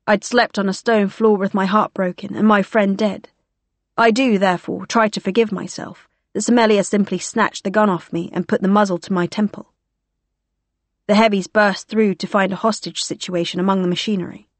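A woman's voice: mid-range voice, no room sound. A woman narrating a first-person novel, with a dry, wry storytelling manner. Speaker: audiobook narrator.

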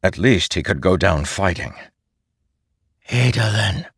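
A man giving measured, steady scripted narration as an audiobook narrator. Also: low-pitched, no room sound. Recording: dry close studio sound.

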